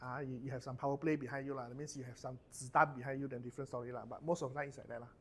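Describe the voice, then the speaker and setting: A middle-aged man with a Malaysian English accent runs a corporate training workshop, his voice medium-pitched, flat, slightly rough and rapid-fire. He's chatty and loose, ending his sentences with lah and lor.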